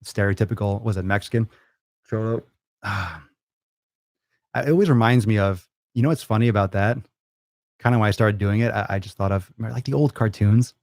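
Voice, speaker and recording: A man's voice: on the low side, mellow, dry recording, studio quality. A man hosting a fitness podcast, answering listener questions in a blunt, profane, rambling way. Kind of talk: casual listener Q&A.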